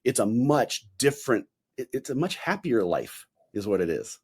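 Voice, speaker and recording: A man in his forties, a podcast guest, chatting casually and telling animated stories in which he acts out the voices he quotes. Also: medium pitch, moderate pace, slightly rough. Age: 40s. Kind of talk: casual interview chat.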